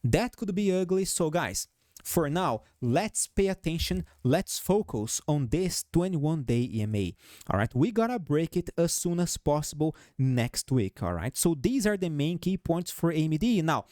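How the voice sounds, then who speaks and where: A man's voice: fairly high pitch, big pitch swings, normal speed, a little mellow. This is a man hosting a stock-market chart breakdown, and he speaks with a noticeable foreign accent. His intonation rises and falls a lot as he calls out levels and targets. He often turns to viewers with "guys" and "right?", and the recording is dry with no room echo. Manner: peppers talk with "okay?", "right?" and "guys". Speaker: stock market analyst host. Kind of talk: technical chart analysis commentary.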